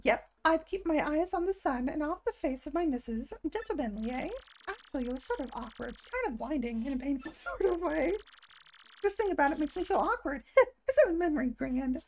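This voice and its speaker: Woman reading a rambling old game turtle, no character voice, high-pitched. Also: animated, fairly quick, a little mellow. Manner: reads the lines aloud in her own plain voice.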